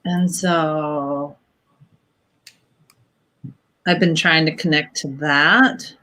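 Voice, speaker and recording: Woman, psychic reader, low voice, very slow, emotional. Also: fairly even intonation, bright, forceful tone, low-quality recording. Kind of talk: live-stream spirit reading.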